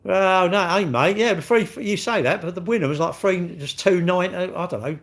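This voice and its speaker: A man's voice: high-pitched, normal speed. A man, chatting casually on a live stream and telling rambling, sweary stories while answering viewers. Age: 60s.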